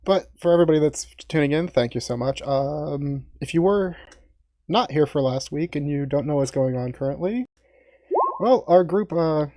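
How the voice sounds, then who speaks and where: A man's voice: fairly high pitch, moderate pace, mellow, no room sound, clean studio sound. A man as dungeon master, giving a loose, chatty recap of the last session to a streamed tabletop group. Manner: chatty, loose, with fillers and asides. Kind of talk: casual recap on a game stream.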